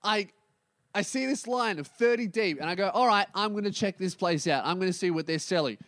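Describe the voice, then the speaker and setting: Swearing Australian man ranting, high voice. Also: a bit bright, no room sound, clean studio sound. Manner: ranting, swearing, mimicking others in quick asides. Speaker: podcast host. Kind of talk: profane comedic rant.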